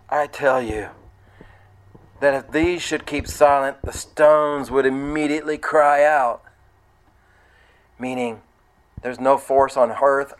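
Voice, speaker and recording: Male preacher, mid-pitched, plain delivery, verse-by-verse sermon that sometimes builds to loud excitement. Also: rough recording. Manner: conversational, rising to loud excited retelling.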